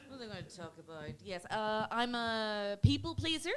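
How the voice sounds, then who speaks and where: A young woman from Northern Ireland, speaking with a Belfast accent, does a stand-up set in a club. Her voice is very animated and a bit bright at a normal speed. She's chatty, teasing and self-mocking, breaking into bursts of high put-on voices.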